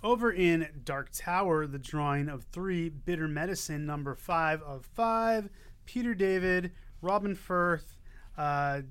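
A man's voice: fairly high pitch, fairly bright tone, clean tone. A man co-hosting a podcast, bantering playfully about comics and his day. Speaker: podcast co-host. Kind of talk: casual comics chat.

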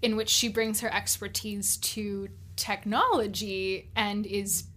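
A woman's voice: medium pitch, fairly even intonation, takes it slowly, fairly bright tone. A friendly, hesitant woman hosting a podcast. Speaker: podcast host. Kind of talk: casual panel chat.

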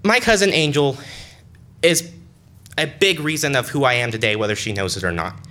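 Young male storyteller, bright voice, earnest and halting, casual delivery. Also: medium pitch. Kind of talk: personal story told to an audience.

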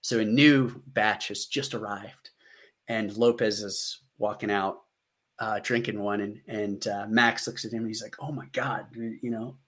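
A man in his thirties with an American accent, telling a war story as a podcast guest, animated and acting out the dialogue he quotes. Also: fairly low pitch, measured pace. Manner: animated, acts out quoted dialogue, frequent fillers. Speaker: podcast guest, combat veteran. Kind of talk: casual storytelling.

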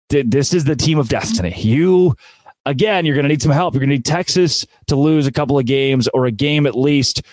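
Male sports host, exasperated and sarcastic, middle-pitched voice, dry booth sound. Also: dry recording. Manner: exasperated, sarcastic, animated rants. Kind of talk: college football recap rant.

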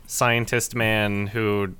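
A man's voice: lowish voice, little pitch movement, drawn-out words, bright, forceful tone, smooth. A man co-hosting a podcast, recapping a movie in casual chat with amused sarcasm and frequent laughs. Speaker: podcast co-host.

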